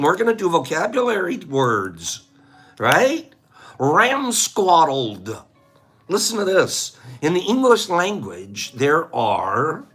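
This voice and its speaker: A man's voice: sits high, fairly bright tone, breathy edge. A man hosting a casual livestream, chatting and joking playfully with his viewers and laughing often. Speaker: livestream host.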